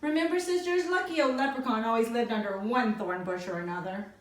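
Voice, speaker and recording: A forgetful old auntie who lives in the past, as a woman reading a storybook puts her on. Her voice is gentle, lilting and a little high. The room echoes, and the mic picks her up from a distance. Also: brisk, close to an everyday voice. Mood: fond.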